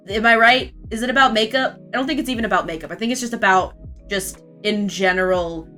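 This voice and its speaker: Young woman streamer, vaguely Southern, bright and giggly, rambling chat over faint music. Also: medium pitch. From Florida, US. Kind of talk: casual chat while drawing and reading chat.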